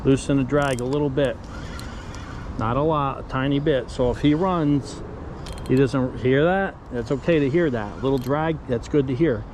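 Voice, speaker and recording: A man's voice: mid-range voice, moderate pace, background noise. A man filming himself fishing outdoors on a riverbank, talking viewers through landing a fish and calling them guys. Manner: addresses viewers as guys, coaching and explaining. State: out of breath. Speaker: fishing vlogger. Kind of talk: live play-by-play commentary.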